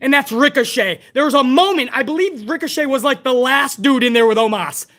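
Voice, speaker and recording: A woman's voice: high voice, a little fast, fairly bright tone. A woman hosting a live wrestling review stream, ranting bluntly and heatedly with plenty of profanity. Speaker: wrestling show host.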